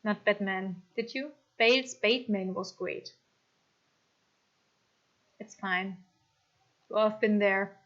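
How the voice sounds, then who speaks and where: A woman with a German accent chatting casually on a live stream, reading comments aloud and apologizing often in an excitable way. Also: mid-range voice, slow pace, long pauses, dull audio.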